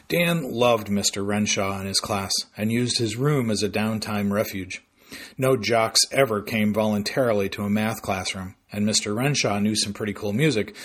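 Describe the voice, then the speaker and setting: Husky male storyteller. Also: on the low side, a bit bright. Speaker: audiobook narrator. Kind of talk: scripted narration.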